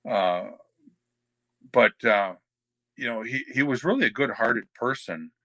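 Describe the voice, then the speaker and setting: This podcast guest, an older former wrestler, spins backstage stories, wandering along with plenty of fillers and false starts. He speaks at a medium pitch, a little slowly, with lively intonation and a pushed, bright quality, and there's no room sound.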